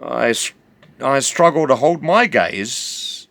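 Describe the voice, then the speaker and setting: Gravelly New Zealand man spinning a yarn. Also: mid-range voice, animated, slow pace, a bit bright, no room sound. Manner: drawling, full of fillers and self-corrections. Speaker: storyteller. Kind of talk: rambling spoken yarn.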